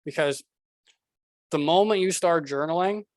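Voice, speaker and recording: A man's voice: a little high, unhurried, no room sound. A man coaching traders in a casual, blunt talk over slides, often repeating himself and addressing the viewer directly. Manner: blunt, repetitive, talks straight to the viewer. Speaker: trading coach.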